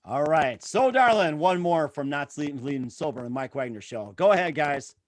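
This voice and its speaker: A man's voice: fairly high pitch, animated, moderate pace, dry recording, studio quality. A man hosting an interview show, upbeat and rehearsed-sounding as he asks questions. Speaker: show host.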